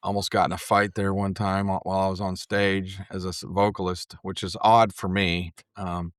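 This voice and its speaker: A podcast guest who organizes a metal museum chats casually, telling animated stories full of swearing. His voice sits low at a normal speed, recorded in studio quality with no echo.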